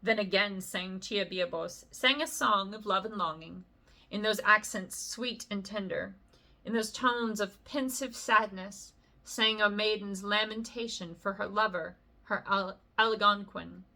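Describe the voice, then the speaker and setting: A woman reading a long poem aloud as a bedtime story, gently, with the odd casual aside. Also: medium pitch, measured pace.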